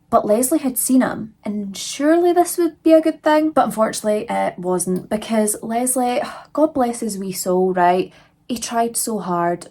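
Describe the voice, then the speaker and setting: Young woman chatting through a true crime case, a bit breathy, lots of likes and you knows. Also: medium pitch, darkish tone. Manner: chatty, conversational, many fillers. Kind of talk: casual true crime retelling.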